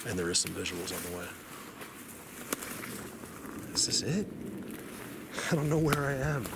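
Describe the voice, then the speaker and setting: A man's voice: lowish voice, lively intonation, a little slow, creaky. A man vlogging on foot in a forest, rambling and defiant, chuckling at his own jabs, at times out of breath. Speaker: outdoor vlogger. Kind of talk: casual walking vlog to camera. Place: outdoors in a forest. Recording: noisy outdoor camera audio.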